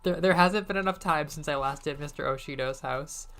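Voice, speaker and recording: A woman's voice: low voice, a little fast, fairly bright tone. A woman streamer giving casual, self-mocking commentary while she plays a game. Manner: chatty, self-mocking, giggly asides. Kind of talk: casual let's-play commentary.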